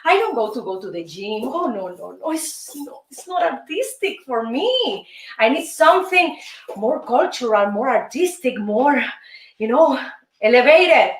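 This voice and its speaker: A woman's voice: high voice, sing-song, a little slow, reverberant, far from the mic, low-quality recording. A woman from Cuba with a Cuban Spanish accent teaches a salsa dance lesson as host, counting beats and chanting rhythms.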